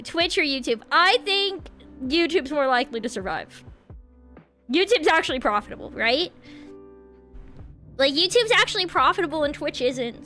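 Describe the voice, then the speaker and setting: Greeting viewers on a casual livestream, this woman sounds bubbly and giggly, dropping in playful meows now and then. Her voice sits high and comes across bright and forceful.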